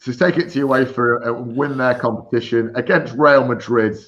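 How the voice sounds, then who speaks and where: A man speaks on a video call into a live fan stream, confident and animated, with a mid-pitched voice. The call audio is dull and muffled. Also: normal speed. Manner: confident, animated, says mate. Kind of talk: casual video call chat.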